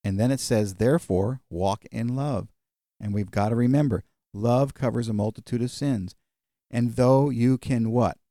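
A man's voice: medium pitch, fairly even intonation, normal speed, dark tone, dry recording, studio quality. A male pastor preaching in a conversational storytelling way, with frequent fillers. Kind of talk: sermon.

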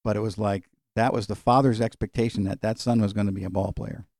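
A middle-aged man with a low, mellow voice gives an informal Bible lesson. He speaks conversationally and wanders into personal asides. The sound is dry and close. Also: steady tone, fast, dry recording. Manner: conversational, digressive, with fillers and chuckles. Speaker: Bible study teacher.

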